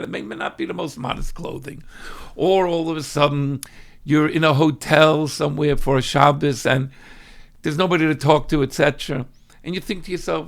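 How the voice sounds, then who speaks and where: A man teaching as a rabbi in a dramatic way. He swings between loud outbursts and hushed asides, and acts out everyday people when he quotes them. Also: fairly high pitch, normal speed, vocal fry. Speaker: rabbi teaching a weekly class. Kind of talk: animated religious teaching.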